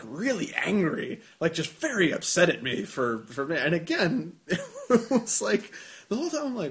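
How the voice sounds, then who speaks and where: A man on a podcast, rambling and animated in casual chat, swearing freely. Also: a little high, moderate pace, vocal fry.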